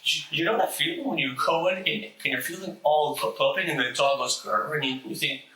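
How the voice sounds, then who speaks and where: A man with a stutter recites a spiritual lecture in a slow, deliberate way, pausing often. His voice is bright and clear. The room around him sounds echoey. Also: on the high side. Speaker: host reciting a famous lecture.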